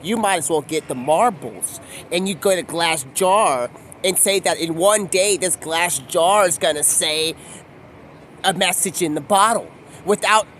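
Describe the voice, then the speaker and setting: A man's voice: high-pitched, a bit bright, a little hiss or hum. A man telling a rambling, drifting story, often quoting people in put-on voices. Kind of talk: rambling stream-of-consciousness storytelling. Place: outdoors by a street.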